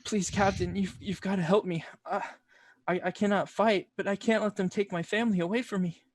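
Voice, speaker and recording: A man's voice: high-pitched, steady tone, a little fast, no echo, studio quality, pitched above the performer's own voice. A man voicing a frightened adult male merchant who pleads and whimpers for help. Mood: desperate pleading.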